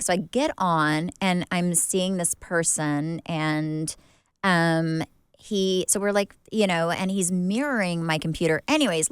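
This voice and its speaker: A woman's voice: on the low side, clean tone, no room sound. A woman co-hosting a podcast, telling a story in a rambling, casual way full of fillers and restarts. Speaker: podcast co-host.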